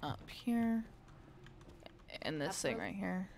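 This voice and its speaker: A woman streamer reading a fantasy story aloud in a steady, low-key way, then chatting playfully while she plays a game. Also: slow, vocal fry, a little hiss or hum.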